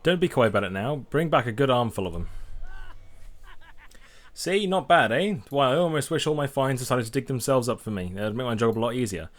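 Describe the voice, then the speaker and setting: A man's voice: medium pitch, expressive, brisk, voice pushed up, close to an everyday voice. A man voicing a hearty, folksy male excavator giving out a quest, reading the game's text aloud with a bit of flair.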